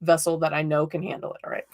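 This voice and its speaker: A woman's voice: deep voice, expressive, fairly quick, a little mellow. A woman hosting a tarot livestream in a casual, upbeat chat, telling stories and checking in with her viewers. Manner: upbeat, chatty, storytelling with many "right?" tags. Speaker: tarot reader and livestream host.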